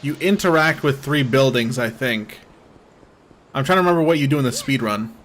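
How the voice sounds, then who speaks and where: A man's voice: mid-range voice, animated, normal speed, fairly bright tone, slight background noise. A man streaming a game in casual commentary, rambling as he explains and often saying "like". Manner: rambling, heavy use of "like".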